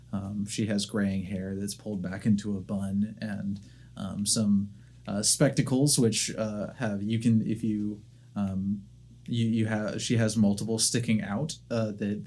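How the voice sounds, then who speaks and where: A man working as game master, narrating a tabletop game in a halting way with many fillers and restarts. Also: lowish voice, a little mellow.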